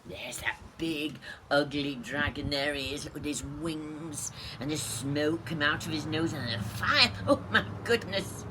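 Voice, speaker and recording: A woman teacher reading a picture book aloud, animated, pointing out the pictures as she goes. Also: sits low, measured pace, hardly any pauses, noisy background.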